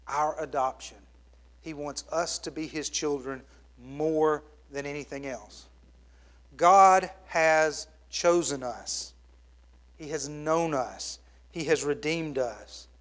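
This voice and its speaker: Middle-aged guy preaching, bright punchy voice, goes loud then drops real quiet. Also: fairly high pitch. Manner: dynamic delivery, swinging from loud exclamations to hushed near-whispers. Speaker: pastor. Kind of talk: sermon.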